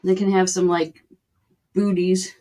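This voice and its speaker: A woman's voice: fairly low pitch, flat delivery, unhurried, warm tone, a little hiss or hum. A woman co-hosting a casual live morning stream, laughing often and talking in a loose, rambling way. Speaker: co-host.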